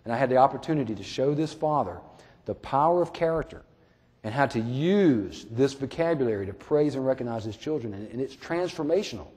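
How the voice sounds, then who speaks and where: A man's voice: medium pitch, animated, brisk, a little mellow. A man, a sheriff and police trainer, telling a story in a folksy, conversational training talk. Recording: echoey hall.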